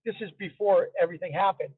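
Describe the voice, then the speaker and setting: A man's voice: sits high, steady tone, quick pace, husky, no echo. A man as an interview guest, telling a story in a chatty, casual way and repeating himself for emphasis. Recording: tinny phone-line sound, dry.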